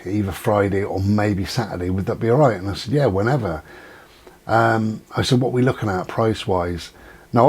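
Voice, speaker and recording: A man with a low, slightly husky voice rambles through everyday anecdotes. He talks casually and acts out the lines of each conversation he recounts. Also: darkish tone. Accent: not local to Dorset. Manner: chatty storyteller, acts out quoted exchanges. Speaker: vlogger. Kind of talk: casual monologue.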